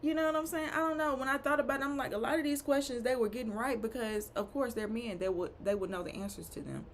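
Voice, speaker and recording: A woman's voice: a little high, fast, a little hiss or hum. A woman giving a chatty, opinionated recap of a reality show, full of rhetorical questions and asides. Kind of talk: casual recap rant.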